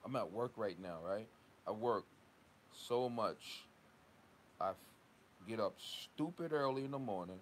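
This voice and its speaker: His voice runs on the low side, animated but slightly slow, with frequent pauses and a little hiss or hum. The man, a dog kennel owner from Long Island, New York, delivers a heated, profane rant in a casual vlog outdoors at work, often adding "right?".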